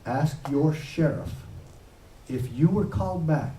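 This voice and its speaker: A man, a former sheriff, giving an impassioned public speech with forceful, emphatic peaks. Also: a little high, animated, takes it slowly, slight background noise. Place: event room. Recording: echoey room heard from a distance.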